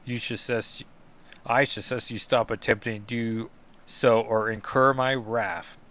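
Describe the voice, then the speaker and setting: Stern armored villain king, low and quiet, menacing in a plain way, read out by a man. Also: steady tone, a little slow, natural voice. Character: commanding masked male villain monarch.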